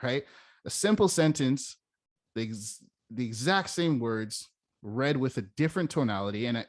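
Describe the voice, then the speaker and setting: A man's voice: medium pitch, dry recording, studio quality. A young man teaching as a sales coach in a casual, emphatic way, demonstrating how stressing different words changes meaning. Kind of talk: casual instructional talk.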